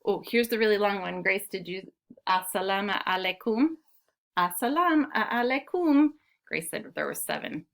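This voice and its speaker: A young woman teaching children, reading a storybook aloud and sounding out words with expressive delivery. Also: mid-range voice, normal speed.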